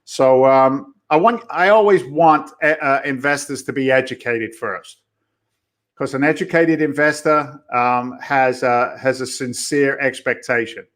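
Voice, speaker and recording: A man's voice: mid-range voice, a little slow, fairly bright tone. Blunt, salty man. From Boston area. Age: middle-aged. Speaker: podcast guest, real estate investor. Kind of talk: casual interview talk.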